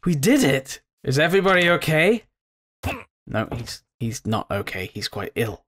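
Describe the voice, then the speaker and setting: A man giving let's play commentary as he plays a game. He rambles, talks to himself and yells at the characters on screen. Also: mid-range voice, sing-song, normal speed, slight background noise. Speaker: gaming channel host.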